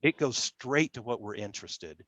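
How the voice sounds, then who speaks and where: A middle-aged man with a nasal Midwestern accent gives a scholarly talk, stumbling over and repeating words as he goes. His voice sits at an ordinary male pitch. The sound is close and dry, with no room around it. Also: animated, a bit bright, dry recording. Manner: halting, repeats words, self-deprecating. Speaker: public relations scholar. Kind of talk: academic lecture with slides.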